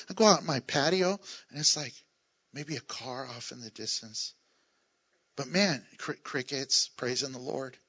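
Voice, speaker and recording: Pastor guy preaching, high bright voice, jokey and playful, kinda dull lo-fi sound. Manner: playful, joking asides and chuckles. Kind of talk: sermon.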